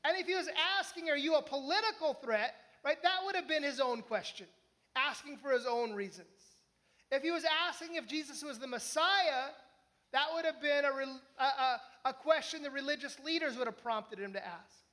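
A man's voice: very high-pitched, moderate pace. A man preaching a conversational sermon, often asking his listeners questions. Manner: conversational, animated, asks the listeners. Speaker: pastor.

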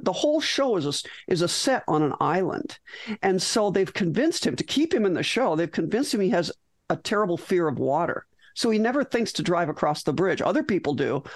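A woman's voice: on the low side, dry recording. A middle-aged woman, a physician guest in an interview, tells a story animatedly with frequent restarts and acted-out lines.

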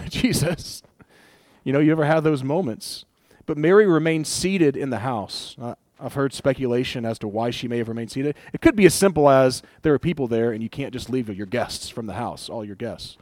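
A man's voice: mid-range voice, no room sound, clean studio sound. A man preaching a sermon in a casual, conversational way, acting out the lines of the people in the scripture he reads. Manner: conversational, animated quoting of scripture figures. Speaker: pastor.

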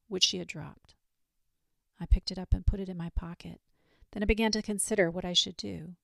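A woman reading a classic short story aloud in a measured, expressive way. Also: fairly low pitch, vocal fry, no room sound, studio quality. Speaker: story reader.

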